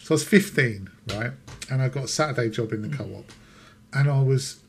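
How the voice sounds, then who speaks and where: A man's voice: medium pitch, brisk, vocal fry. Rambling man over faint background noise. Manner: rambling, hesitant starts. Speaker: podcast co-host. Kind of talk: casual chat.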